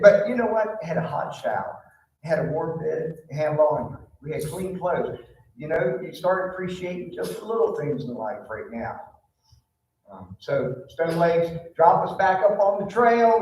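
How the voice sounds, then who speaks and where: Preacher guy, high voice, folksy rambling story, big echoey hall, faint hum. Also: darkish tone. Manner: folksy, conversational with many fillers. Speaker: pastor. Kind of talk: storytelling sermon. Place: church sanctuary. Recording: echoey church hall, mic far off.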